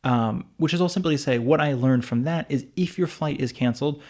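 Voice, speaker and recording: A man co-hosting a relaxed podcast conversation talks at a brisk clip. He spins a long story with plenty of restarts, asides and "like"s, and his voice sits at an everyday middle pitch. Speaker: podcast co-host. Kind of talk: casual chat.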